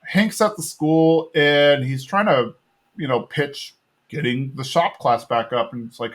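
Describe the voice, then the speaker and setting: This male podcast host speaks in a fairly high voice, a little slowly, as he casually walks through a cartoon episode. He retells the scenes and acts out the characters as he goes.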